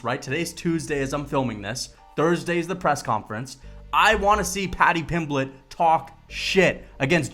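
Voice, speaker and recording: A fired-up man rants to camera in a casual, profane vlog. His voice sits a bit high for a man, and faint music plays underneath. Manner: animated, profane, emphatic. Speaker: MMA commentary vlogger. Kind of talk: casual opinion rant to camera.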